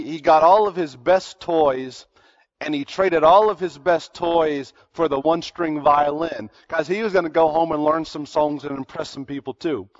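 A man preaching a sermon, telling a story earnestly, dropping his voice low and then rising for emphasis. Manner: earnest storytelling, drops to near-whispers and rises for emphasis. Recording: dull lo-fi recording.

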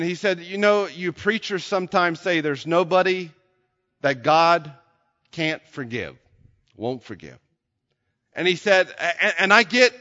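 A man preaching a sermon, telling a story quietly and then building to shouted passages. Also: on the high side, in a large hall, muffled recording.

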